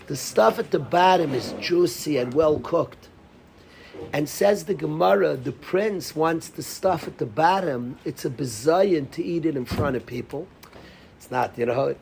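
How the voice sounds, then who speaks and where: A man teaching a lively Torah class as a rabbi, calling on students by name and dropping to whispers. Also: medium pitch, vocal fry, slight background noise, poor audio. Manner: animated, calls on students by name, drops to whispers.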